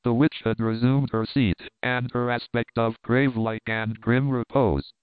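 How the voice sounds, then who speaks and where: A man narrating a classic novel as an audiobook in a measured, formal reading. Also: medium pitch, steady tone, clean tone, dry recording. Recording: phone-like lo-fi audio.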